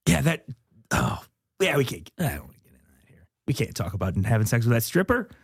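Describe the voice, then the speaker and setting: Male podcast host, slightly husky, lively pitch, laughs a lot, dry close mic. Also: fast, no echo. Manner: giggly, jokey banter. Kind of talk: casual chat.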